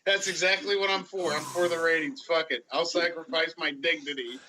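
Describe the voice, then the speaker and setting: A man's voice: fairly high pitch, fairly even intonation, fairly quick, sharp tone, slight background noise, poor audio. A man hosting a podcast, reading sponsor spots and joking at his own expense in an easygoing way. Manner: easygoing, self-deprecating. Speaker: podcast host. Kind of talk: casual podcast chat and sponsor reads.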